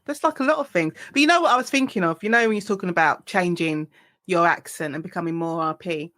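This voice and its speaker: A woman with a South East London accent, hosting a podcast and telling stories in a relaxed, animated way. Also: on the low side, quick pace, no echo. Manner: animated storytelling with laughter. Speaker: podcast host. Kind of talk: casual conversation.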